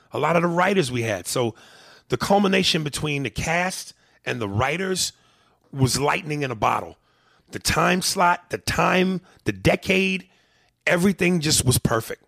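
A man's voice: medium pitch, creaky, fairly bright tone, dry recording, clean studio sound. A man hosting a podcast, talking in loose, profane, joking banter and reading out listener mail. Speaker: podcast host. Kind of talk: casual podcast chat.

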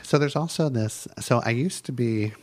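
A man's voice: mid-range voice, normal speed. A man in his forties co-hosting a podcast, chatting casually and walking through feelings one step at a time, with lots of "like.". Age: 40s. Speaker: podcast co-host. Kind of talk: casual chat.

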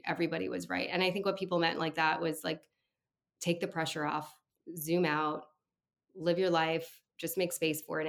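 Woman, 30s, therapist guest, lowish voice, gravelly fry, chatty and reflective. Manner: warm, reflective, chatty with fillers. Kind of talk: casual conversational interview.

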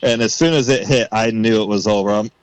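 A man on a podcast, telling a story in a casual way and acting out his own thoughts with rising excitement. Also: on the low side, fast talker, clear, resonant tone, dry recording, poor audio. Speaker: podcast guest.

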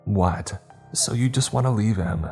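A man's voice: lowish voice, unhurried, a little mellow, soft background music, pitched above the performer's own voice. A man voicing a desperate, stubborn teenage girl who pleads with breathless urgency in an audiobook.

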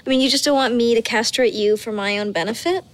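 A woman's voice: on the high side, fast, natural voice. A woman mocking a gushing sarcastic man. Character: mock-grateful sarcastic grown man.

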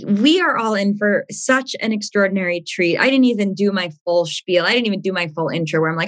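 A woman's voice: medium pitch, a little fast, few pauses. A young woman hosting an astrology podcast, gushing and rambling in casual chat, laughing often.

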